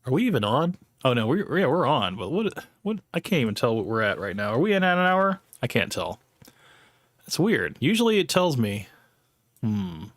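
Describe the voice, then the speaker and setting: Male live stream host, mid-pitched and dry, rambling, blunt, self-deprecating jokes. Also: fairly bright tone, no room sound. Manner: rambling, with many fillers and restarts. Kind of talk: casual live commentary.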